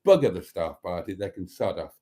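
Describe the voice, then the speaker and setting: A British man hosting a casual livestream, reading viewer comments aloud and joking back, with chuckles and throat-clearing. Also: sits low, very animated, brisk, mellow. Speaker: livestream host.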